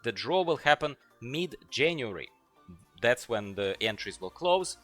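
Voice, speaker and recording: A man's voice: medium pitch, sing-song, unhurried, fairly bright tone, soft background music. A man hosting a video channel, summarizing a translated owner interview in a chatty, emphatic way that repeats words for effect. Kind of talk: casual video commentary.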